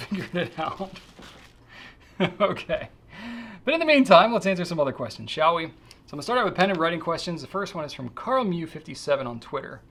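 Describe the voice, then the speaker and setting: A man hosting a pen shop question-and-answer show, talking casually and easygoing, thinking out loud as he handles a pen. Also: on the high side, slightly rough. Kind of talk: casual chat.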